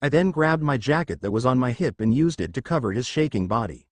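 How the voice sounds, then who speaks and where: A man reading a fanfiction story aloud in a steady, plain way. His pitch moves a lot while the rest of his delivery stays even. The recording is dry and close. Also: brisk, no echo. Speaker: story narrator.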